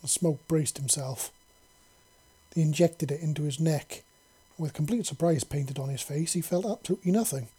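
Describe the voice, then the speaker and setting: A man's voice: fairly high pitch, normal speed, dark tone, husky. A man reading a serialized story aloud in a casual, chatty way.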